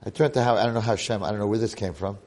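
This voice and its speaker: A man in his sixties, a rabbi, telling a story to his congregation in an animated way with dramatic swings in loudness. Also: fairly low pitch, racing.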